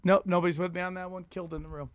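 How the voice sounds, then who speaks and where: A man's voice: sits high, level tone, rapid-fire, smooth, no echo. A man hosting a casual chat, telling rambling, profane, self-mocking stories.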